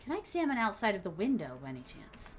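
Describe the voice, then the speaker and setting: A young woman streaming a horror game, giving excitable live commentary and talking to herself and her chat as she plays. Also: mid-range voice, fast, a little hiss or hum. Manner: excitable, talks to herself and chat while playing.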